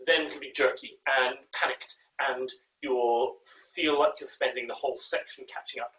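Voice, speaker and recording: Running a choir rehearsal online, this man demonstrates phrases by singing snippets and speaking them, pausing often with ums and uhs. His mid-range voice holds a steady tone that sounds pushed and bright, picked up on a video call from far away in an echoey room.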